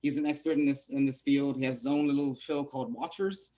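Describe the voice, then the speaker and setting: A man's voice: medium pitch, fairly even intonation, brisk, warm tone. A man hosting a casual interview, polite and deferential with his guest. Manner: polite, says "yes, sir" often. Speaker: host, interviewer.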